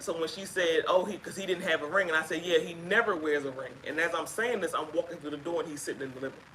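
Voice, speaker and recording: A woman casually telling a personal story on a live stream, chatty and halting with fillers, acting out what others said. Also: low voice, fairly bright tone, a little hiss or hum, rough recording. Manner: chatty, halting with fillers, acts out quoted speech. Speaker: guest sharing her story.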